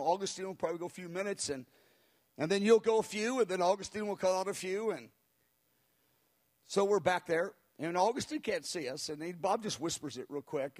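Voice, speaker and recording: A middle-aged man preaching, telling a story in an animated way and acting out quotes. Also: fairly high pitch. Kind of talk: sermon storytelling.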